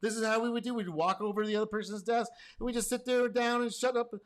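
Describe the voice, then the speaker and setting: A man's voice: extremely high pitch, steady tone, fast talker, clean tone. A man hosting a reaction commentary as a programming teacher, rambling and emphatic with casual swearing. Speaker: host and programming course teacher.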